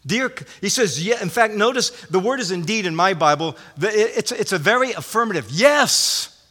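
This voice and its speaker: Guy preaching a sermon, high bright voice, lots of repeats, big hall echo. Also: lively intonation, a little fast. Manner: emphatic, repeats phrases, many restarts. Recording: long hall reverb.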